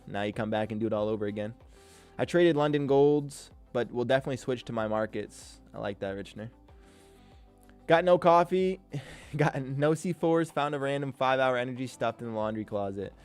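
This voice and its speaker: A man's voice: medium pitch, darkish tone. Hype male day-trading streamer. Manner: hype, calls viewers "King", slangy and upbeat. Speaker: day-trading livestream host. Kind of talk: casual live-stream chat, reading viewer comments.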